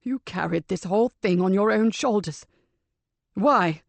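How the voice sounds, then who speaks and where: A woman's voice: mid-range voice, measured pace, vocal fry, no echo. A woman voicing a bewildered, blustering older husband. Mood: pleading.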